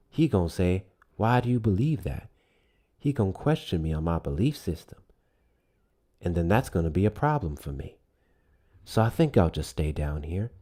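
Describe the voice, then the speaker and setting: Man putting on a smug, stubborn bigot; low voice, bouncing sing-song taunt. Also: dark tone. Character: smug bigoted male political voter, stubborn. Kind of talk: mocking impression.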